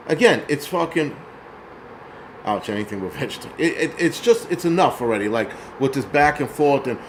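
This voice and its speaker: A man of Puerto Rican origin rants as the host of his own show, cursing freely and mocking the people he talks about. His voice sits somewhat higher than most men's, and faint background noise runs under the recording. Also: very animated, normal speed. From Puerto Rico. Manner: profane, heated, mocking. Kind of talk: angry ranting commentary.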